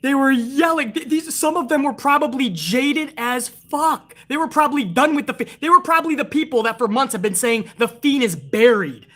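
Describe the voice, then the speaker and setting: Bright-voiced woman ranting about wrestling. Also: sits high, brisk, hardly any pauses. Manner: heated, swears constantly, ranting to viewers; excitable, retells events with rising energy. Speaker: wrestling show reviewer. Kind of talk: casual profane review rant.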